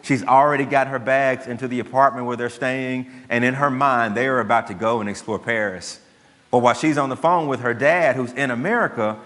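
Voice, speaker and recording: A man, a pastor giving a sermon and telling a story in a relaxed, conversational way. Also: mid-range voice. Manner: conversational storytelling, dry asides to the congregation. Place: church sanctuary. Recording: long church hall reverb.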